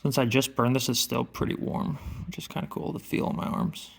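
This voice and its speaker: A woodworking vlogger narrates his project in rambling, casual talk, mostly to himself as he works. His medium-pitched voice is flat, a little fast, and has vocal fry, dropping to a hushed whisper during delicate work.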